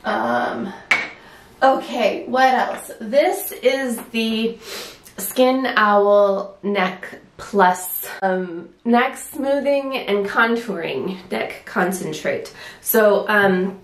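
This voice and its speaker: A woman's voice: medium pitch, expressive, extremely slow, echoey room. A woman chatting casually through a beauty product review, a little winded, with many fillers and restarts. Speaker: beauty vlogger.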